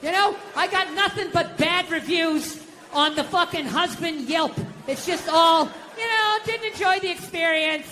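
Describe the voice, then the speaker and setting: A man's voice: extremely high pitch, a little slow, bright, forceful tone, in a large hall, slight background noise. A middle-aged American man doing stand-up comedy, ranting profanely in an exasperated way and acting out quotes.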